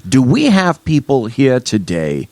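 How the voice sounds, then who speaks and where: A man co-hosting a talk radio show, posing questions deliberately to the panel. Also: mid-range voice, wildly swooping pitch, a little mellow. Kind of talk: political talk radio discussion.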